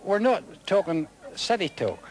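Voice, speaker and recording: A man with a broad Ulster accent, a farmer talking in an animated way. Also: high-pitched, unhurried. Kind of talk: interview.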